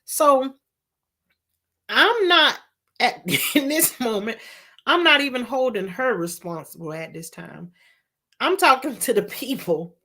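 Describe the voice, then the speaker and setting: A woman's voice: a little high, expressive, takes it slowly, long pauses, pushed and bright. A middle-aged woman, telling a storytime vlog in an emphatic, exasperated way. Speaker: vlogger.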